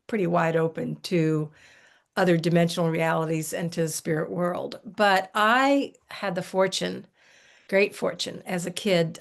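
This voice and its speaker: Gravelly-voiced older woman telling stories. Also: fairly low pitch. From United States. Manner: warm folksy storytelling with frequent restarts and laughs. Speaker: herbalist guest. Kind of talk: relaxed conversational storytelling.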